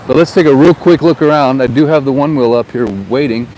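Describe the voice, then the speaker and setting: Chatty rambling guy vlogging by the beach, middle-pitched, faint waves and wind behind him. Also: brisk, darkish tone, low-quality recording. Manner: rambling, chatty, repeats words. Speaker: real estate agent. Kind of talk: casual vlog. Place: outdoors by the ocean at sunset. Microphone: handheld camera on a gimbal. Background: ocean waves and wind.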